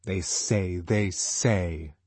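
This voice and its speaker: A man's voice: sits low, very slow, darkish tone, no room sound, exaggerated voice. A man voicing a breezy young woman. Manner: light, breezy and teasing.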